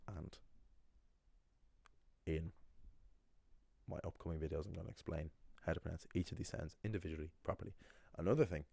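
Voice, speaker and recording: A man teaching pronunciation in a casual video lesson, talking in an animated way and acting out the voices he quotes. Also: low voice, a little fast, creaky, long pauses, dry recording. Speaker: language teacher.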